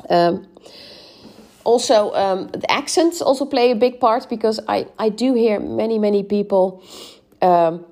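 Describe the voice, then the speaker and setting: A woman who is a podcast host and English speaking coach offers encouraging speaking tips in a solo podcast advice talk, often saying "um" and checking in with "right?" Her mid-range voice is mellow and a little slow.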